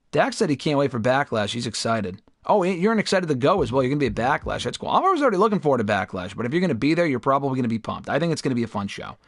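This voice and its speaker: A man's voice: fairly high pitch, dry recording, studio quality. A young man hosting a game livestream, chatting casually with viewers and swearing in frustration at the game. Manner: chatty, profane, erupts into loud frustrated outbursts. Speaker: gaming livestream host. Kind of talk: casual livestream commentary while playing.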